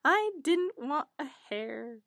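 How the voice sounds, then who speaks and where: A woman's voice: high voice, very animated, slow, vocal fry, fairly bright tone, no echo, clean studio sound, full character voice. Woman doing a bossy scheming minstrel. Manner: commanding, mocking. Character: scheming, bossy travelling male fiddler.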